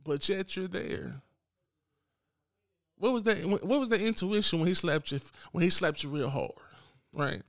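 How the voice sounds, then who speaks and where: A man's voice: high voice, animated, measured pace, pauses often, fairly bright tone, no room sound, studio quality. Blunt man ranting on a podcast. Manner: blunt, unapologetic, talks straight to listeners. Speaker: podcast host. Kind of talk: solo podcast rant.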